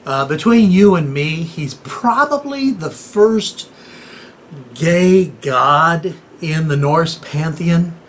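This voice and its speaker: A man spins an old myth into a bawdy comic tale, speaking straight to his listeners with an irreverent, joking edge. His pitch swoops up and down with plenty of life. He takes his time over each line, letting the jokes land slowly. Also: lively intonation, a bit bright, slight background noise. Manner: irreverent, jokey, talks straight to the audience; acts out voices and noises in the tale. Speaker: storyteller.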